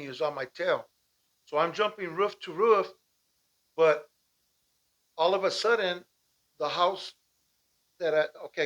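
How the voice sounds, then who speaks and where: A man from Southern California telling a personal story in a casual, animated way, often asking "right?" and acting out shouted lines. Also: fairly high pitch, dull audio. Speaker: storyteller recounting a personal escape. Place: at home with dogs nearby.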